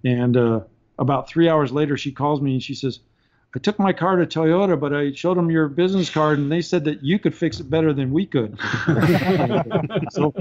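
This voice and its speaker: A man's voice: a little high, moderate pace, a little mellow, dull audio. A man, a podcast guest, telling casual stories and laughing through his anecdotes. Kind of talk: casual storytelling.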